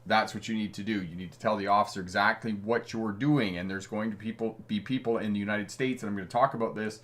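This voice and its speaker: Talking fast in a low-side voice with a steady, fairly bright tone, a middle-aged man from Canada hosts a live stream. As a driving instructor, he reads viewer comments in a friendly, chatty way, with frequent chuckles.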